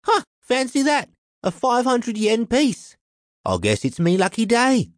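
A man's voice: wildly swooping pitch, measured pace, dry recording, studio quality, heavily acted. A man voicing a tall, nervous Cockney crook in an audiobook, fidgety and chatty. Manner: fidgety, chatty, pitched far above the narrator. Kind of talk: audiobook character voice.

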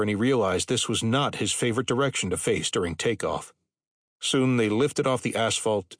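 A man reading a novel aloud as audiobook narrator, in a steady storytelling delivery. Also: on the low side, dry recording, clean studio sound. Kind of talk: scripted narration.

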